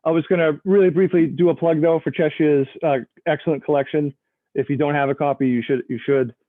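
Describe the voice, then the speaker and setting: A fairly high-voiced man reads from his unfinished novel to a live audience, joking about himself between passages. The sound is narrow and tinny, like a phone line, with no room around it. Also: fairly even intonation, brisk, dry recording. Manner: self-deprecating, laughs between remarks. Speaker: author reading his work. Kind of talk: live reading of a novel over a video call.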